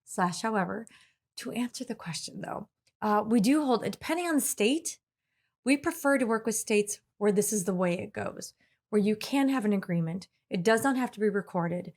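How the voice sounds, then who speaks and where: A woman's voice: medium pitch, expressive, moderate pace. A woman co-hosting a casual business podcast who answers questions earnestly and laughs easily. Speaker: podcast co-host.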